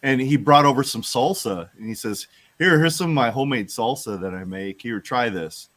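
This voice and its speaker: A man's voice: medium pitch, expressive, normal speed, a bit bright. A man in a casual chat who tells stories in a plain-spoken way.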